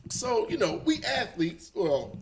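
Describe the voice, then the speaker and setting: A man co-hosting a casual podcast chat, telling stories in an animated way and often laughing mid-sentence. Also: sits high, takes it slowly, slight background noise. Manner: animated storyteller, breaks into laughter. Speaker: podcast co-host.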